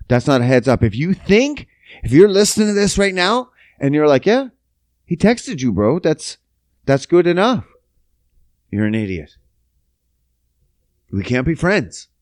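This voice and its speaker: A young man hosting a casual podcast, telling a profane, animated story and acting out the quotes. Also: fairly high pitch, no echo, studio quality. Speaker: podcast host. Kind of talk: casual solo podcast rant.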